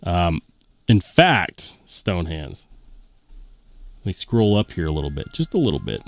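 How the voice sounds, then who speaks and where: A man's voice: deep voice, unhurried, gravelly, long pauses, dry recording, soft background music. A man hosting a casual livestream, reading viewer comments aloud and chatting as he goes. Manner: lively, chatty, muses aloud. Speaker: host.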